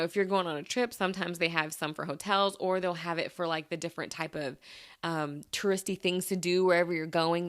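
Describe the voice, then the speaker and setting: A woman's voice: mid-range voice, fairly bright tone. A woman podcast host, telling stories in a chatty, casual way with lots of fillers. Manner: chatty storytelling with many fillers. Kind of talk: casual chat.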